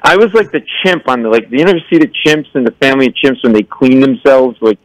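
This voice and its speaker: A man's voice: medium pitch, quick pace, no echo, low-quality recording. A man, a comedian guest on a radio show, telling a story with lots of acted-out voices and mock stammering. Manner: excitable, acts out voices, stammers for effect. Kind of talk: animated storytelling.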